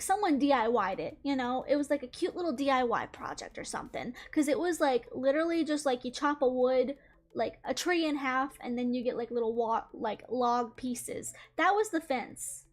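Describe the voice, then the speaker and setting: A young woman with a high, light voice tells a casual storytime as she draws, piling on "like" fillers and breaking into giggles. A faint bed of music plays underneath her. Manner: rambling, many "like" fillers, giggly. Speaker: YouTuber. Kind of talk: casual storytime while drawing.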